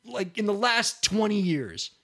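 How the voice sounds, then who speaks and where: A man's voice: high-pitched, sing-song, measured pace, fairly bright tone. A man co-hosting a podcast, chatting casually in an easygoing, self-deprecating way that trips and restarts while he thinks. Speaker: podcast co-host.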